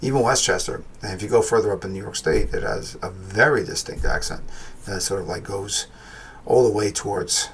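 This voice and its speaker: Gravelly low-voiced man reviewing a film. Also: a little fast, a little hiss or hum. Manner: rambling, self-correcting, thinks aloud. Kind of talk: casual spoken film review.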